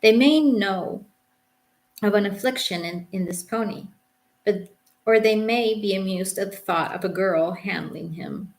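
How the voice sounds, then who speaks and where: A young Englishwoman reads her travel memoir aloud with a low, gravelly fry settling into her phrases. Her delivery is reflective, and she holds a dry, understated wit. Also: measured pace, a little mellow. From England. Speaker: author reading her memoir. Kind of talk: audiobook memoir narration.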